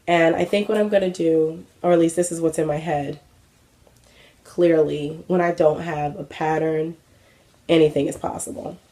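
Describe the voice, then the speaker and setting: Low, gravelly woman chatting casually. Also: steady tone, normal speed, dark tone. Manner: chatty, self-mocking, many fillers. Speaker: craft vlogger. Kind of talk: casual chat.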